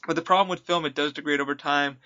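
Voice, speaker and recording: In casual podcast chat, a man who used to work at an attraction tells stories, acting out quotes with animated flair. He is a fast talker with a slightly high voice, and the highs are cut off in the audio.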